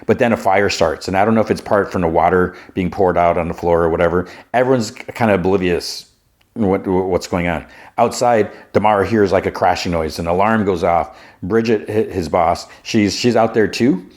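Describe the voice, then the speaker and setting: A man hosting a podcast, casually retelling a TV episode and jumping up in pitch to act out the characters' lines. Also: normal speed. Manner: animated retelling, acting out characters' lines in a raised voice. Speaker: podcast host. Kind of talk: casual movie and TV recap.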